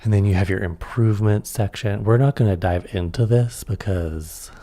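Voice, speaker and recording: A man's voice: on the low side, moderate pace, warm tone. A man reading aloud through a tabletop game rulebook and adding casual comments on the rules. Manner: reads rules aloud, then comments offhandedly.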